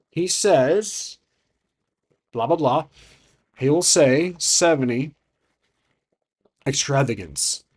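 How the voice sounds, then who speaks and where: A man's voice: medium pitch, a little mellow, breathy edge. A man narrating a solo tabletop game, thinking aloud and hesitant, with frequent restarts.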